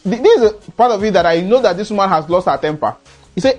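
A man's voice: sits high, animated, fast, a little mellow, soft background music. A man with a Nigerian accent speaking earnestly in an advice monologue, lecturing his listeners. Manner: earnest, lecturing, acts out quoted dialogue. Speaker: motivational speaker.

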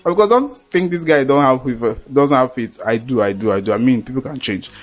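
A man's voice: mid-range voice, animated, fairly quick. A man preaching a sermon in an earnest, repetitive way, often checking that listeners understand.

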